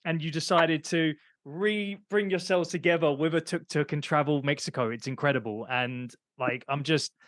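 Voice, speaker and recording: A man's voice: on the high side, moderate pace, few pauses, a bit bright, no room sound, clean studio sound. A man hosting a podcast, wrapping up in an effusive, enthusiastic way. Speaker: podcast host. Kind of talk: casual chat.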